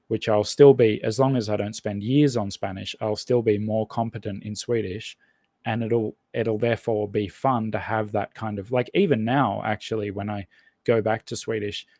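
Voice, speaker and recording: A man's voice: on the low side, fairly even intonation, normal speed, darkish tone, no echo. A man as a podcast guest in casual conversation, rambling and thinking aloud with lots of restarts. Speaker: podcast guest, language learner.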